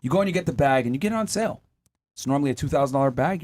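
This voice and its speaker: A man hosting a heated panel debate, telling an animated, profane story to make his point. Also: medium pitch, racing. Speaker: podcast host.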